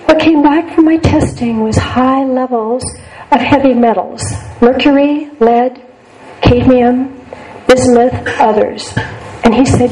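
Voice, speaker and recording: A woman's voice: sits high, takes it slowly, dark tone, poor audio. An older woman psychologist giving a talk to a group, speaking earnestly and repeating words for emphasis. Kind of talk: lecture to a group.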